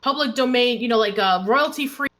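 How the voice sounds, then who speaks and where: A woman's voice: on the high side, a little fast, a bit bright. A woman from New York chatting casually in an easygoing way, reading out viewer messages. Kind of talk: casual livestream chat.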